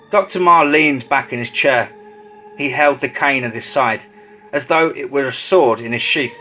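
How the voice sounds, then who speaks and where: A man narrating a horror story in a steady, dramatic storytelling voice. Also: medium pitch, normal speed. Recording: slightly dull lo-fi audio with faint music.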